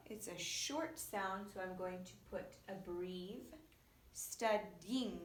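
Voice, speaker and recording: A woman teacher giving an online spelling lesson, explaining each step patiently. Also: mid-range voice. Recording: echoey room, faint hiss.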